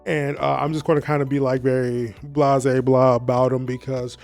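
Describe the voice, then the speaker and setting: A man's voice: medium pitch, level tone, moderate pace, vocal fry, a little mellow, soft background music. A man hosting a casual commentary recap, rambling and profane and often laughing. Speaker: video essay host.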